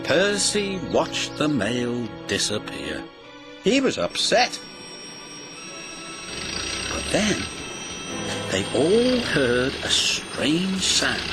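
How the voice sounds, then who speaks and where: A man narrating a children's storybook in an expressive, sing-song way. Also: a little high, extremely slow, long pauses. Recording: music behind the voice.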